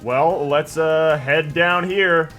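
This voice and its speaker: A man's voice: on the high side, steady tone, slow, a bit bright. Young man rambling over a game, faint music. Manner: rambling, jokey, reads game text in voices. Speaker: gaming channel host. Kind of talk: let's play commentary, reading dialogue aloud.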